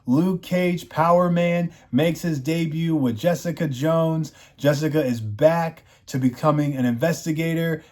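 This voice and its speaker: A man's voice: a little high, a little mellow. A man hosting his own show, giving an enthusiastic, rambling recap of a TV finale and loosely acting out the lines of the characters in his own voice. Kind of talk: enthusiastic casual episode recap.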